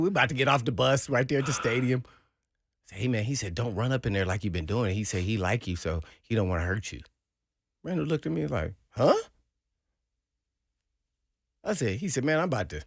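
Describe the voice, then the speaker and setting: A man co-hosting sports talk radio, telling an animated story and acting out the quotes. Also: mid-range voice, brisk, long pauses, no room sound, studio quality. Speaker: sports radio co-host, former player.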